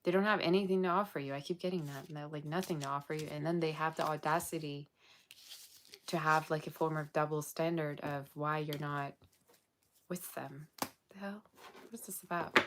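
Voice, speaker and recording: A woman's voice: deep voice, steady tone, fairly quick, a bit bright, slight background noise. A woman giving a casual tarot reading, chatty and blunt with exasperated asides, sounding tired and yawning. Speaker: tarot reader.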